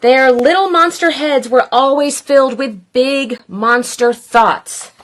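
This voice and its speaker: A woman reading a children's picture book aloud in a playful, expressive way. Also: sits high, slight background noise. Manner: playful, expressive, slow and deliberate. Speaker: storyteller.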